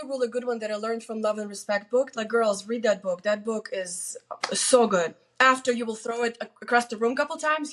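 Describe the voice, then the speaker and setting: A middle-aged woman talks through marriage advice with earnest conviction. Her voice sits somewhat high, and she slips into quick acted-out quotes to make her points. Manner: earnest, emphatic, faith-based, acts out quoted lines. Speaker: guest sharing marriage advice. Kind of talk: candid advice conversation. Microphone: video interview mic.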